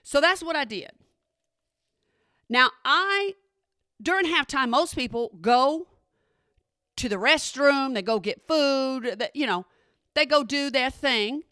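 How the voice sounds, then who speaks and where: A middle-aged woman telling a story in a chatty, animated way and often checking in with her listeners. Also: high-pitched, dry recording, clean studio sound. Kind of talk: casual spoken storytelling.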